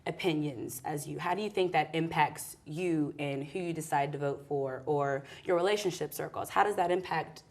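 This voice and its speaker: Young woman host, low voice, casual student panel, long open questions. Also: normal speed, few pauses, a little mellow. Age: young adult.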